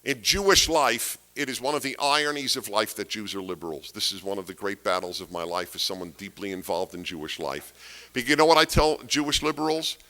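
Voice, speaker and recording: A man's voice: lowish voice, a little fast, pushed and bright. A man giving a political lecture to an audience, emphatic and fond of rhetorical questions, repeating key phrases for weight. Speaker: speaker giving a talk.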